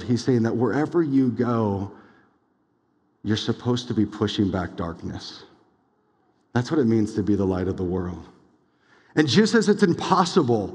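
A young adult man preaching a sermon as pastor, casual and animated, full of "like"s and quick asides. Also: medium pitch. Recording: long hall reverb.

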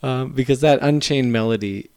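A man's voice: medium pitch, normal speed, darkish tone, clean tone, no room sound. A man hosting a podcast, chatting casually about films and swearing freely. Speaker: podcast host. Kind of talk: casual chat.

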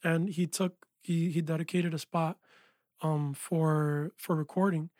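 A man, a music producer and engineer, telling his story in a casual interview with animated energy, saying "yo" and "like" a lot. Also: fairly high pitch, unhurried, no room sound, studio quality. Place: small recording studio.

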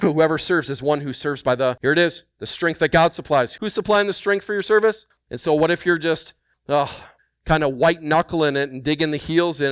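Resonant, animated male preacher. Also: medium pitch, clean tone, dry recording, studio quality. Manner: animated, emphatic preaching with repeated phrases and rhetorical questions. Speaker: pastor. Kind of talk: sermon.

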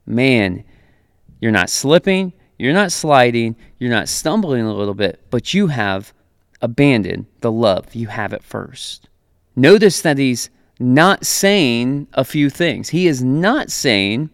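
A young man preaching a casual, conversational sermon, animated and quick to laugh. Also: medium pitch, dry recording, clean studio sound. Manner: casual and animated, laughing often, acting out quotes.

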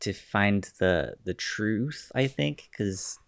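Man, deep low voice, dry close sound, casual podcast, short interjections, trivia. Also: expressive, takes it slowly, vocal fry, no room sound. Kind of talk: casual film discussion.

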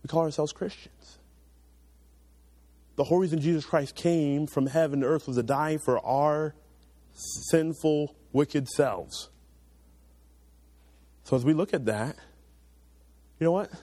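A young man preaching a sermon to teenagers, earnest and urging, rising loud then dropping to quiet low asides. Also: unhurried, pauses often, no room sound.

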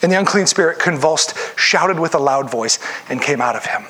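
A man delivering a sermon in a casual, conversational tone. His voice sits a little higher than most men's, and he slips into acted voices whenever he quotes someone. He talks the way a pastor talks to his own congregation. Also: lively intonation, moderate pace, pushed and bright.

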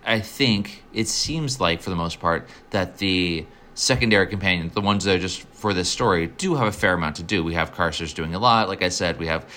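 A man's voice: deep voice, a little fast, hardly any pauses, pushed and bright, slight background noise. A man co-hosting a podcast, talking casually and enthusiastically, rambling with frequent restarts. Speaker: podcast co-host. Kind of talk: casual chat.

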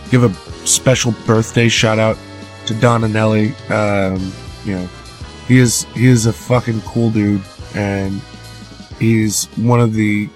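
A man's voice: lowish voice, a little mellow. A man hosting a horror podcast, talking casually with lots of fillers, restarts and swearing. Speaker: podcast host.

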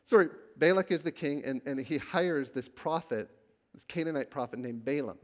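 High-voiced animated male preacher. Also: normal speed. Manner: animated storytelling, acting out quotes; drops to a hushed, reverent tone when reading scripture. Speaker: pastor. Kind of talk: sermon.

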